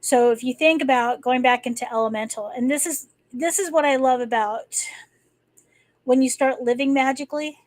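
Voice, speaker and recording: A woman whose voice sits high hosts a live stream at a moderate pace, talking casually and rambling with many fillers and restarts. The rough recording has no echo.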